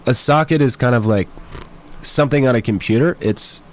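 A man at medium pitch and normal speed, with a stuffy nose and a little background noise, is a software developer guesting on a casual interview. He explains technical topics eagerly, his speech full of fillers.

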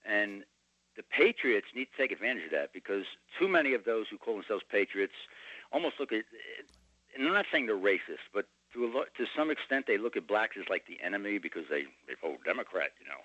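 A man hosting political talk radio, speaking haltingly with many restarts, on a dull lo-fi recording. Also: on the low side, lively intonation, pushed and bright, no echo.

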